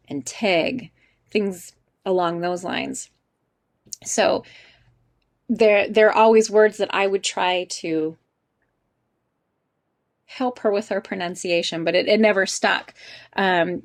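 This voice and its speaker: Chatty woman teaching an online class. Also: medium pitch. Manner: chatty, laughs often, asks the class questions. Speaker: college English teacher.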